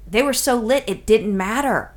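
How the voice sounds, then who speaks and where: A woman's voice: fairly high pitch, moderate pace. A woman telling a rambling story in casual chat with her co-host, swearing freely and talking animatedly. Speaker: podcast co-host.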